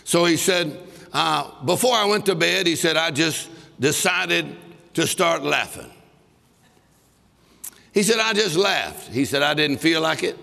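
A man's voice: fairly high pitch, animated, measured pace, gravelly, pauses often, sharp tone. A man preaching a sermon, telling a story and breaking into bursts of laughter as he exhorts. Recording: long reverb of a large hall.

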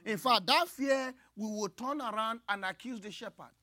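Woman preacher, sermon, bright higher voice, dry close sound, hushed to loud. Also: normal speed, dry recording. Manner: expressive, swings from hushed asides to loud cries.

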